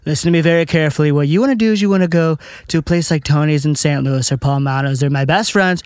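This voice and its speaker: A man's voice: fairly high pitch, quick pace, darkish tone, clear, resonant tone, no room sound, studio quality, pitched below the performer's own voice, natural voice. A man doing an impression of a boastful male politician, rambling and bragging about a restaurant dinner.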